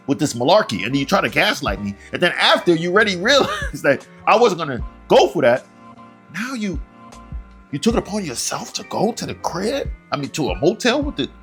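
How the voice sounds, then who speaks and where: A man's voice: high voice, fairly bright tone. A man hosting a reaction show, ranting in exasperation and laughing often as he comments. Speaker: reaction channel host.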